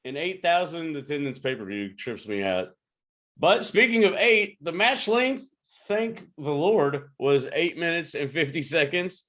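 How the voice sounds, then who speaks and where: A man's voice: on the high side, animated, measured pace, a bit bright. A man hosting a podcast in casual chat, wry and swearing casually. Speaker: podcast host.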